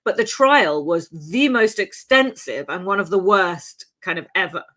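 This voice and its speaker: A woman's voice: lowish voice, animated, unhurried, fairly bright tone. A woman hosting a podcast, telling a true-crime story in a casual, chatty way with many asides and fillers.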